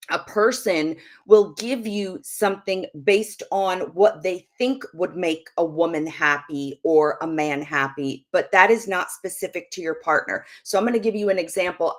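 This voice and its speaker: A woman's voice: fairly low pitch, fairly bright tone. A woman speaking at a Christian ministry about marriage, telling a personal story in a chatty, candid way with lots of "like" and "you know". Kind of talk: personal storytelling on a live show.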